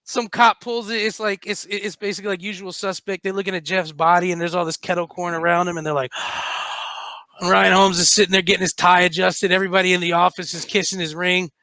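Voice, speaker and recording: Male co-host, high and bright voice, lively anecdote teller, dry mic. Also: fast talker, hardly any pauses, no room sound. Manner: animated storyteller. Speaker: radio show co-host. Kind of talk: casual storytelling banter.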